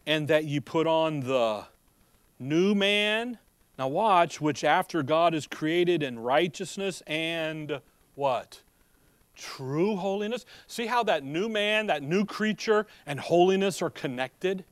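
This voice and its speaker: A man's voice: a little high, expressive, slow pace, dry recording. Man preaching with a slight Chicago accent. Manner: conversational, rhetorical questions, reads verses aloud. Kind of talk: Bible teaching sermon.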